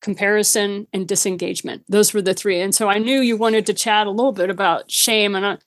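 Brief: woman podcast guest, practical, frank, dry close mic, mid pitch. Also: fairly even intonation, brisk, dry recording. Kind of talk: casual podcast conversation.

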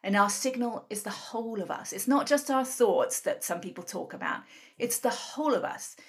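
A woman's voice: a little high, animated, moderate pace. Earnest woman who keeps adding "right?". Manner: earnest, often adds "right?". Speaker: guest speaker on emotional tapping. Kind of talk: explanatory interview talk.

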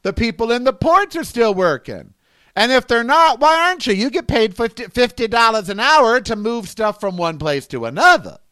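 A man's voice: very high-pitched, big pitch swings, normal speed, bright, forceful tone, smooth, no echo, clean studio sound. A middle-aged man hosting his own podcast, ranting with sass and exasperation and firing off rhetorical questions to his listeners. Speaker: podcast host. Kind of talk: solo podcast monologue.

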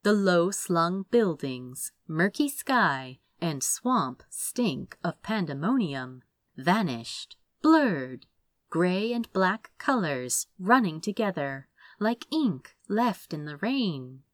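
A woman narrating a fantasy audiobook in a measured, expressive way. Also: lowish voice, no echo.

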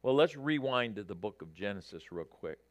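A man's voice: on the low side, lively intonation, moderate pace, no echo. A man preaching a sermon, addressing the congregation directly and rising to emphatic peaks.

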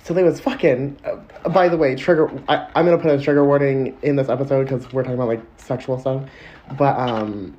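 A man's voice: mid-range voice, fairly even intonation, mellow. Teasing young man co-host. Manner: teasing, quick interjections. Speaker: podcast co-host. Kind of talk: casual chat. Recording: crunchy lo-fi audio.

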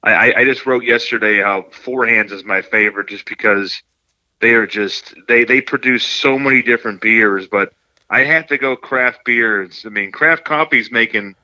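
A man's voice: medium pitch, normal speed, sharp tone, no room sound, lo-fi sound. A man guesting on a casual podcast, rambling and stumbling over repeated words as he jokes.

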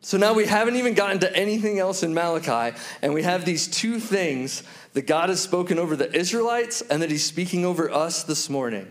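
A man in his thirties preaching a sermon to his church, telling stories and slowing down to repeat key lines for emphasis. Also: high voice, expressive. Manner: storytelling with slow, emphatic repetitions. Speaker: pastor.

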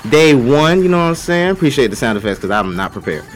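Loud, hyped man hosting a radio show. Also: mid-range voice, animated, a little fast, faint music behind. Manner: loud, hype, shout-outs to listeners. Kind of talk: casual radio show talk.

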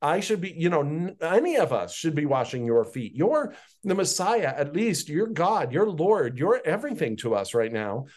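Man voices blunt, agitated apostle; pitch pushed up, insistent objections. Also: very animated, normal speed, darkish tone. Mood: indignant.

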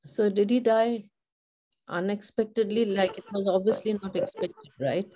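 A woman hosting a podcast interview, calmly asking short follow-up questions. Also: mid-range voice, normal speed. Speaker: podcast host. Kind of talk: conversational interview.

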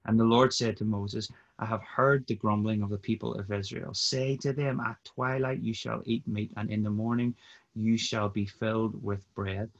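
A man joins the podcast as a guest, talking easily and reading a long scripture passage at a steady pace. His voice is low, and it comes through dull, lo-fi video call audio. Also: creaky. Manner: easygoing, reads scripture steadily. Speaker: podcast guest, mission partner. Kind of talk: casual chat and scripture reading.

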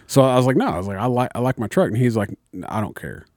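A man's voice: medium pitch, expressive, fast talker, a little mellow, dry recording, clean studio sound. A young man, a little tipsy, telling a long profane story in casual chat. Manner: rambling, profane storyteller, acts out voices. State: slightly tipsy.

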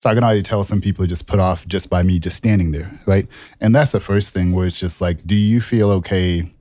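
A man co-hosting a podcast, telling a personal story in a relaxed, animated way and laughing at himself as he goes. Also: deep voice, a little fast, no room sound, clean studio sound. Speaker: podcast co-host. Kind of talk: casual storytelling chat.

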